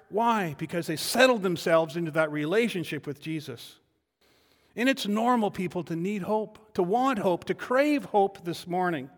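Male pastor, high voice, sermon in a long-reverb church hall, swings from hushed to emphatic. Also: lively intonation, normal speed. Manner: builds from quiet reflection to loud emphatic declarations; rhetorical questions answered in turn. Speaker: lead pastor. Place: church sanctuary.

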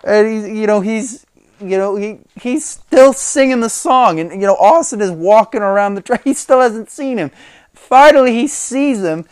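A man's voice: high-pitched, animated, moderate pace, a little mellow, smooth, dry recording, studio quality. A man hosting a casual solo podcast, retelling a story with frequent chuckles. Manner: chuckling, retelling with quoted impressions. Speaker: podcast host.

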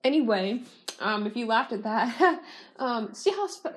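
High-voiced teasing woman. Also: big pitch swings. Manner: teasing, bossy, keeps telling her sister to slow down. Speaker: co-host of a home video channel. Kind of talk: casual chat.

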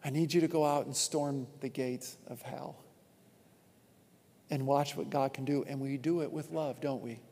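A man preaching a sermon as pastor from a church stage, animated and repeating his points for emphasis. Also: medium pitch, normal speed. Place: church auditorium with long reverb. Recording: long hall reverb.

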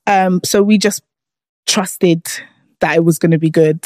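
A young British woman tells her story in a relaxed, animated way on a podcast, slipping into the voices of the people she quotes. Her voice sits fairly low, and the sound is close and dry. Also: measured pace, no room sound. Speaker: podcast guest, former bride. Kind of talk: casual storytelling chat.

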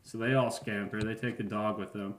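A man in his thirties, a podcast host rambling through a casual comedic monologue with a deadpan, offhand manner and profane asides. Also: on the low side, a little fast, roomy sound, a little hiss or hum. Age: 30s.

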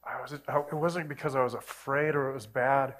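A pastor with a medium-pitched, slightly bright voice talks at normal speed with fairly even intonation. In this sermon testimony, he shares his own faith story in a casual, earnest way.

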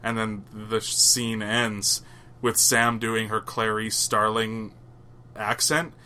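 A man's voice: on the low side, fairly even intonation, takes it slowly, bright, forceful tone, slight background noise. A man co-hosting a podcast, chatting casually and rambling about movies, swearing now and then. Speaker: podcast co-host. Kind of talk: casual chat.

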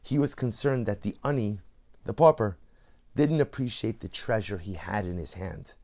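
A man who is a rabbi, telling a story in a sermon in an animated, dramatic way. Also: fairly low pitch, normal speed.

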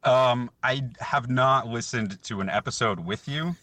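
A man's voice: medium pitch, unhurried, fairly bright tone, a little hiss or hum. A young man, a podcast guest, telling a rambling story in casual chat, often laughing.

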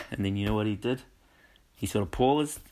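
A man with a slightly low-pitched voice, talking in a relaxed, unscripted monologue. He tells stories with animated energy and laughs often. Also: moderate pace. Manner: animated storytelling with frequent laughs. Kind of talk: casual monologue.

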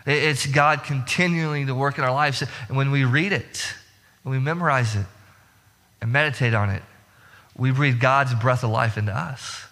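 Bright-voiced man preaching in a reverberant hall. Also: moderate pace. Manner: emphatic, repeats words and restarts, rises in pitch when stressing points. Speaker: pastor. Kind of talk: sermon.

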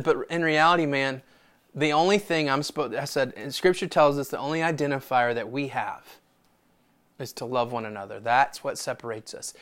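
Preaching a sermon to his congregation, a pastor with a medium-pitched voice tells a story and reads from scripture. His delivery moves from booming declarations to quiet asides.

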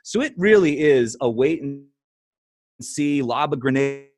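A middle-aged man, a podcast guest, telling stories in a casual conversation, animated and laughing often. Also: medium pitch, unhurried, no room sound.

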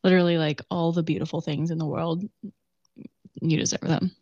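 A woman's voice: low-pitched, level tone, fairly quick, darkish tone, no echo. A young woman co-hosting a podcast, talking in a gushing, affectionate way. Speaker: podcast co-host. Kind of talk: casual chat. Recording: dull lo-fi sound.

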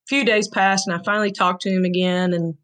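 A woman's voice: mid-range voice, fairly even intonation, quick pace, fairly bright tone, low-quality recording. A woman, a guest telling an emotional story in an earnest, frank way. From Tennessee, USA. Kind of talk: heartfelt storytelling.

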